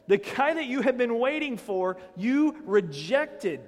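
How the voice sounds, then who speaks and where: A man with a high voice delivers a sermon in a conversational, animated way and keeps asking the congregation direct questions. His voice carries a long reverb from the church hall around him. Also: measured pace. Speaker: pastor.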